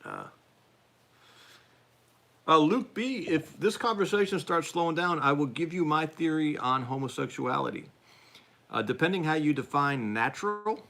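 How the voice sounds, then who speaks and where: A man's voice: medium pitch, sharp tone. A man hosting a casual political live-stream chat, rambling and self-deprecating, with frequent restarts. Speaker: podcast host.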